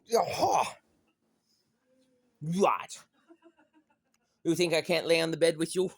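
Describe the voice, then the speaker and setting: This man's voice sits on the high side, slow and creaky, with long pauses. He's indoors filming his dog, teasing it with sing-song baby talk and saying each phrase twice.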